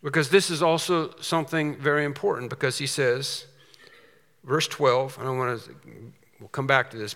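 A man preaching an expository sermon, emphatic, slowing down and repeating phrases for stress. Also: medium pitch, fairly even intonation, fairly bright tone. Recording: long hall reverb.

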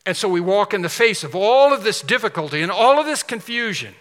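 A man preaching a sermon, telling a story in an animated way and then closing earnestly toward prayer. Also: high voice, fairly quick, hardly any pauses, long reverb tail. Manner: animated storytelling, shifts to soft earnest close.

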